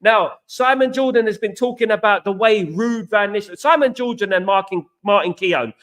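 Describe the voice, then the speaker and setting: A man's voice: high-pitched, normal speed, a bit bright. A man hosting a football live stream, ranting passionately and repeating himself as he answers viewer comments. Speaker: football channel host.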